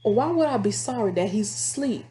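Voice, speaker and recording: A woman casually telling stories about her phone job to her viewers, chatty and animated. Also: mid-range voice, normal speed. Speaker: vlogger telling call-center stories. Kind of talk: casual storytelling to camera.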